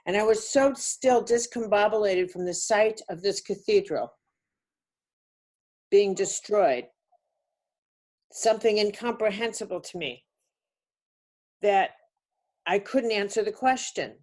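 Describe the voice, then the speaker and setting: Slow, earnest woman telling a story. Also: medium pitch, a little mellow. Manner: earnest, halting, with restarts. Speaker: webinar speaker. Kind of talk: personal storytelling.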